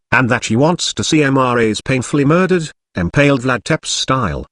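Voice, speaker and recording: A man's voice: medium pitch, fairly bright tone, no room sound, clean studio sound. A man with an English accent delivering a scripted, sarcastic, mocking opinion rant as a vlogger.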